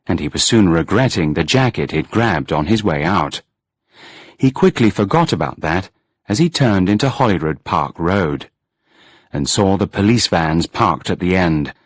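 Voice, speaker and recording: A man reads a storybook aloud in a measured, expressive way. His voice sits fairly low and has a husky, breathy grain, and his pitch moves a lot. The sound is close and dry, with no room. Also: no room sound. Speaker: audiobook narrator. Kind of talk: scripted storybook narration.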